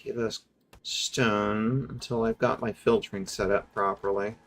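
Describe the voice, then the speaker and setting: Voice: medium pitch, fairly even intonation, a little slow. A streamer giving casual, chatty commentary over a factory-building game, explaining its mechanics with amusement.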